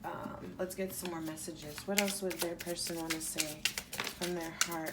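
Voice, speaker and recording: A woman's voice: sits low, moderate pace, very noisy. A woman giving a casual pick-a-pile tarot reading, rambling loosely and leaning on "like" as she talks through the cards. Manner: casual, rambling, heavy use of "like". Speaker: tarot reader.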